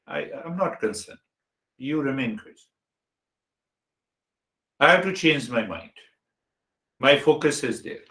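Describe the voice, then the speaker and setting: A man giving a meditation teaching talk as a spiritual teacher, speaking deliberately and listing words one at a time. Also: on the high side, big pitch swings, fairly bright tone. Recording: roomy echo.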